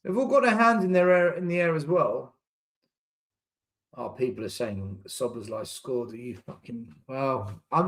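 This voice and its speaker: A man's voice: medium pitch, animated, unhurried, a bit bright. A young man hosting a live football watchalong, exasperated, swearing and repeating himself as he reacts. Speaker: fan channel host. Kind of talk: live match watchalong commentary.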